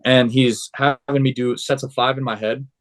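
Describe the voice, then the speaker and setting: Casting: young adult man, podcast guest, animated storyteller with a mid-range voice. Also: medium pitch, normal speed. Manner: animated, acts out quoted dialogue. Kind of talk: casual storytelling.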